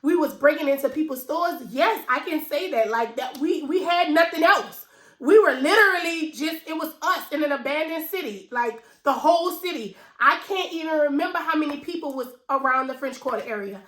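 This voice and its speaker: This is a woman in her thirties, a finance vlogger from New Orleans, USA, recounting something personal to her audience with emotion and a chatty feel. She has a New Orleans accent and a high, slightly bright voice at a normal pace. The recording carries room echo.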